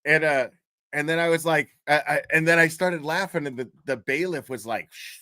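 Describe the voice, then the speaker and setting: A man hosting a livestream talks a little fast in a slightly high, bright, forceful voice on a dry recording. His casual commentary is a loose, profane story that keeps restarting and dissolving into laughter.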